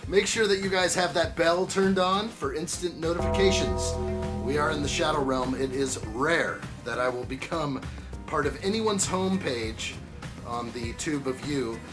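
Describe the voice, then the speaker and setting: A man's voice: fairly high pitch, normal speed, music in the background. A man hosting a building live stream, chatting in an upbeat way and greeting viewers by name. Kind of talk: casual live-stream chat while building.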